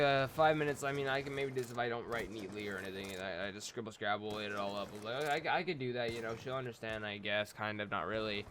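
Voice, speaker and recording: This is a teenage boy with a slightly high voice, rambling through a story about his day as casual gameplay commentary. He talks in an animated, chatty way. A faint hiss of background noise sits under his voice. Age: teens. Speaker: gaming commentator.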